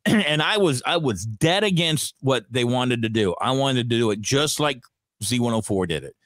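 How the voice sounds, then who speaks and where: A man's voice: medium pitch, normal speed, no echo. Storytelling radio man, dry close sound. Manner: animated, acts out quoted dialogue. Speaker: radio personality, guest. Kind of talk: conversational storytelling.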